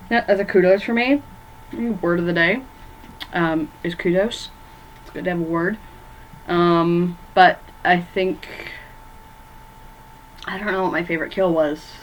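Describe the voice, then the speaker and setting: A woman's voice: on the low side, a little hiss or hum, poor audio. A woman ranking horror movies in a rambling, casual chat from her bedroom, full of fillers and stumbling over names. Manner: rambling, filler-heavy, loses track of names. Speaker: movie vlogger.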